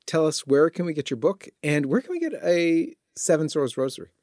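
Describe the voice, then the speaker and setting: Guy hosting, kinda high-ish voice, admiring tone, asks gentle follow-ups. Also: very animated, a little fast. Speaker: interview host. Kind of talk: faith interview.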